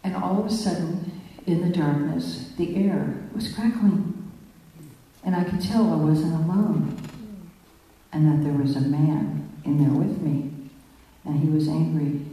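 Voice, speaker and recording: Dark-voiced woman telling a story. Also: sits low. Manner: vivid storytelling with acted dialogue. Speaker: speaker. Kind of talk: storytelling talk. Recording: echoey hall from far off.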